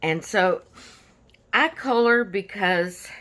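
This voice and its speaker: A woman's voice: medium pitch, expressive, slow, a bit bright. A woman hosting a coloring channel, chatting casually about her finished pages in an easygoing, rambling way with lots of fillers.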